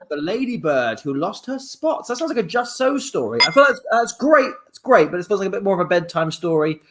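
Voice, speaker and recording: A man's voice: high voice, big pitch swings, a little fast, few pauses, fairly bright tone. A man hosting an improvised comedy livestream, reading out suggestions in a playful, rambling way. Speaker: improv show host.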